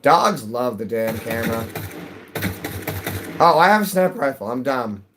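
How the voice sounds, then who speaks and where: A man's voice: medium pitch, animated, a little slow, noisy background. A man live-streaming a game, chatting casually with viewers in a rambling, jokey way, his voice cracking. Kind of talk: casual live-stream chat while gaming.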